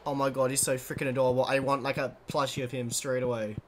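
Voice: medium pitch, flat delivery, quick pace, a little hiss or hum. A let's play host giving chatty, exclaiming commentary while playing, talking back to the game's characters. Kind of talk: casual gameplay commentary.

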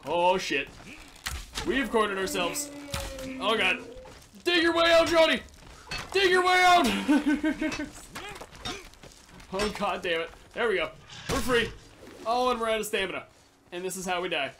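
A young man giving casual, excitable commentary on his video game, rambling, swearing and yelping at sudden danger. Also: sits high, moderate pace, noisy background. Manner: chatty rambling to animals in the game. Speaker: gaming channel host. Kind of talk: Let's Play commentary.

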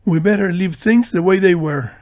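High-voiced man, deadpan voice-over. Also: moderate pace. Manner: dry, deadpan humor. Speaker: video narrator. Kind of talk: scripted tongue-in-cheek narration.

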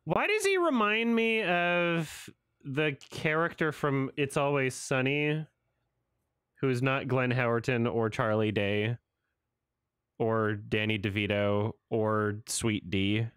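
A man's voice: medium pitch, slow, fairly bright tone, smooth, no echo, clean studio sound. A man in his thirties doing casual, sarcastic reaction commentary on a trailer, laughing and swearing as he goes.

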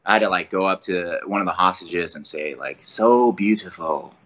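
A man's voice: deep voice, a little fast, lo-fi sound. A man, a voice actor guest, talking enthusiastically in a casual podcast interview. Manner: enthusiastic, animated storyteller.

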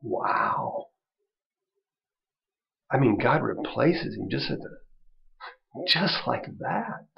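A man teaching a Bible study in a loose, conversational style, with many asides and light chuckles. His voice is gravelly, and the recording sounds dull and lo-fi. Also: medium pitch, big pitch swings, extremely slow, long pauses. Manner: conversational, chuckling, lots of "you know". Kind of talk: informal Bible lesson.

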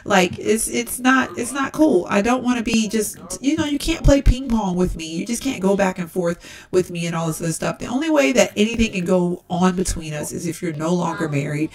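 A woman's voice: fairly quick, lightly acted. A woman voicing a young woman game character who is firmly ending an affair, speaking in a firm, exasperated way. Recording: distant low-quality game capture.

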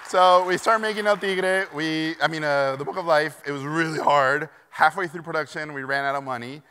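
A middle-aged man from Mexico delivers a keynote in a large hall, his bright, crisp voice carrying a long reverb. He tells stories in an animated, self-deprecating way and acts out the voices of the people in them. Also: on the high side, moderate pace, a faint crowd. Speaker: keynote speaker. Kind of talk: conference keynote storytelling. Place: conference hall.

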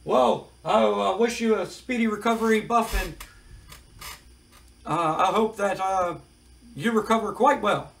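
Man putting on an older wrestling interviewer, sarcastic, halting, high-pitched. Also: lightly acted.

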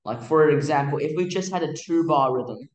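A man teaching music theory in a casual, halting way, with many fillers and restarts. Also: on the high side, roomy sound, poor audio. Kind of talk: casual explanatory lesson.

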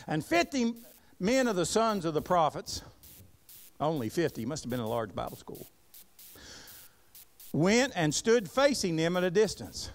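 Male pastor, animated sermon, lively intonation, slightly high voice, folksy asides. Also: unhurried, long pauses. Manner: animated preaching, reads scripture aloud and asks the congregation to repeat words; folksy Southern-flavored asides. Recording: live church service recording.

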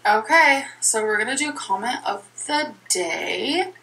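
A woman's voice: fairly high pitch, lively intonation, unhurried, sharp tone, a little hiss or hum, poor audio. A woman chatting casually in a vlog, rambling and giggly. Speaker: vlogger in a played clip.

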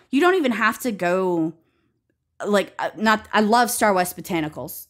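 A middle-aged woman with a Deep South Alabama drawl talks through herbal remedies at an easy, conversational clip. She is chatty and relaxed and drops in y'all often, her pitch sitting in an ordinary middle range. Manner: relaxed, chatty, laughs easily, says y'all. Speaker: herbalist guest. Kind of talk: conversational explanation.

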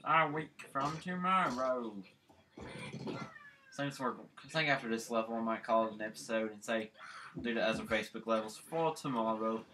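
A man's voice: lowish voice, brisk, a bit bright, a little hiss or hum. A man doing let's play commentary, rambling and talking to himself while he plays. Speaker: gaming channel host.

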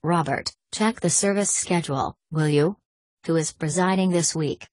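A woman voicing a pompous, scheming older British knight on crutches, haughty and sharp-tongued. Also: low voice, normal speed, dry recording. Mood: imperious.

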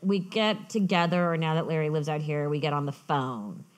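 Woman author, festival stage, lively anecdote teller with restarts, slightly low voice. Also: normal speed. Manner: lively storytelling, frequent restarts. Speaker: author, guest. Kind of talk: onstage conversation, anecdotes.

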